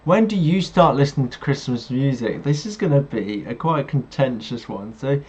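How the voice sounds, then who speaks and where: A man's voice: medium pitch, animated, normal speed, a little mellow, breathy edge. Chatty man hosting a livestream. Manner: chatty, reads viewer messages aloud and replies. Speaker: livestream host. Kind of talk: casual live-stream chat. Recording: slightly dull audio, faint music behind. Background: faint background music.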